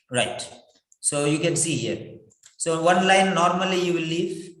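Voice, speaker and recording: Slow, echoey male writing teacher. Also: fairly high pitch, fairly bright tone. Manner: slow, repetitive, spells words out letter by letter. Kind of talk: online exam-prep lesson. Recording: echoey room.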